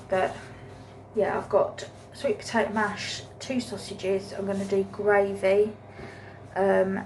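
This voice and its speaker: Woman vlogger, gravelly fry, rambling and blunt, noisy kitchen behind her. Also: medium pitch. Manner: chatty, rambling, blunt with occasional swearing. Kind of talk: casual home vlog chat. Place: home kitchen.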